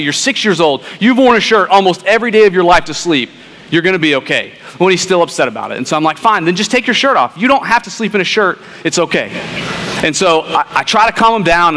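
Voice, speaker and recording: A man preaches in a relaxed, story-driven way, checking in with his listeners by asking "right?" His slightly high voice carries a long hall reverb, and a faint hum sits underneath it. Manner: conversational storytelling with frequent "right?". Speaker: pastor. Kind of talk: sermon. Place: church sanctuary.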